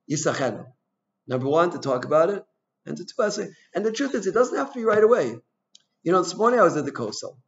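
Man, rabbi, informal Torah lecture, mid-range voice, lots of "you know" and "like", muffled lo-fi sound. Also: mid-range voice. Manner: chatty, full of "you know" and "like", tells personal stories; asks the audience questions. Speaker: rabbi teaching a Torah class. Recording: dull lo-fi recording.

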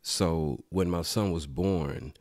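A man's voice: sits low, takes it slowly, a little mellow, no room sound, clean studio sound. A man from Dallas, a podcast guest talking in a laid-back, reflective way. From Dallas, Texas. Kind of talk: casual podcast conversation.

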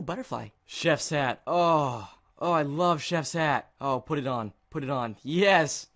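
A man giving casual gameplay commentary, excitable and jokey, with mock-dramatic outbursts. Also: fairly high pitch, unhurried. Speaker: gaming video creator.

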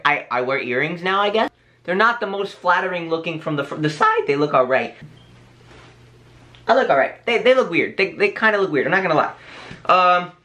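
A young man vlogging an unboxing, excitable and chatty, talking straight to his viewers. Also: sits high. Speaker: YouTube vlogger.

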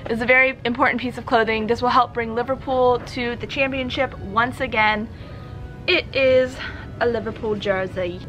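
Bright chatty woman, a bit breathless. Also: fairly high pitch, moderate pace, soft background music. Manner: chatty, animated, laughs often. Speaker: vlogger. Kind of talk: casual chat to camera.

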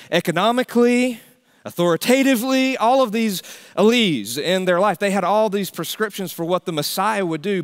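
A man delivering a sermon with a fairly high voice. He moves dynamically between ringing, emphatic exclamations and soft, hushed near-whispers, preaching with conviction. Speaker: pastor.

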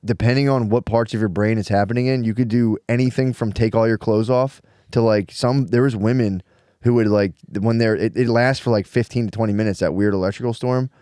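A man's voice: lowish voice, steady tone, fairly quick, mellow, no echo, clean studio sound. A man, co-hosting a podcast in casual chat and telling stories in a rambling, profane way. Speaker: podcast co-host.

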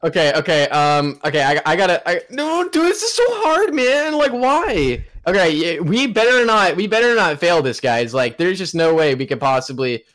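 A young man with a high, bouncy voice gives casual gameplay commentary, swinging through his pitch as he yelps and laughs at the action. He talks loosely and excitably to his viewers while playing. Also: moderate pace, hardly any pauses. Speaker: gaming video host.

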